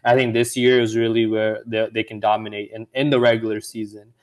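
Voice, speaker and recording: A man's voice: lowish voice, little pitch movement, a little fast. A man co-hosting a casual sports podcast, arguing his side with many restarts and easy laughs. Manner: hesitant, many restarts and fillers, laughs easily. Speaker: podcast co-host.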